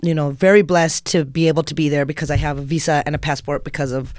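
A woman comedian telling stories in a casual chat, slipping into animated quoted voices. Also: low-pitched, fast, dry recording, clean studio sound. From United States. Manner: animated, breaks into acted Italian and quoted voices. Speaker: comedian guest.

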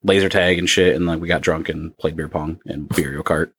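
A man's voice: extremely low pitch, steady tone, brisk, a bit bright, slightly rough. A man in his thirties co-hosting a podcast, chatting in a laid-back, profane way and often trailing off. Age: 30s. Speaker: podcast co-host. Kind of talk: casual chat.

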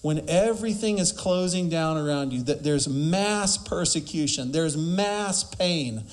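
A man's voice: on the high side, unhurried. A man preaching a sermon emphatically, asking rhetorical questions and quoting scripture.

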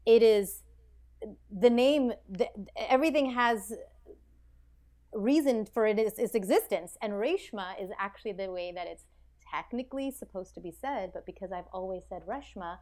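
American woman guesting on a podcast, animated and rambly, lots of likes. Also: medium pitch, moderate pace. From United States. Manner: animated, reflective, full of "like" and restarts. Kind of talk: casual interview chat.

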